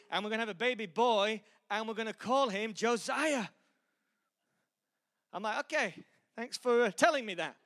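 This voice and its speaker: With a high, slightly bright voice, this middle-aged male pastor, whose accent mixes Yorkshire and American, gives a sermon that pairs earnest encouragement with self-deprecating jokes.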